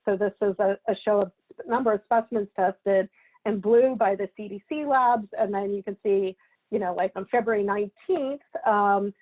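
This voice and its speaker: A woman giving a conversational public health lecture, unhurried and full of ums and uhs. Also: mid-range voice. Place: Seattle area. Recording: tinny phone-like audio.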